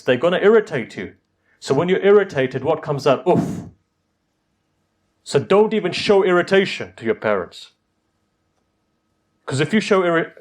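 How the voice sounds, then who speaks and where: A man's voice: medium pitch, a little mellow. A man giving a sermon, telling stories and pressing his points with rising emphasis. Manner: storytelling, rising to emphatic exhortation. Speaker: Muslim preacher.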